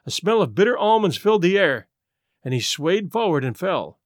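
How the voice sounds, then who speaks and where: High, animated male audiobook reader. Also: normal speed, dry recording, studio quality. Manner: expressive, animated reading. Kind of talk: scripted first-person narration.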